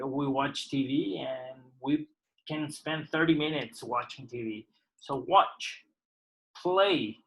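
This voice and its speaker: A man's voice: on the high side, fairly bright tone, poor audio. A man teaching an English lesson, explaining words patiently and step by step. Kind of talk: slow recorded lesson explaining vocabulary.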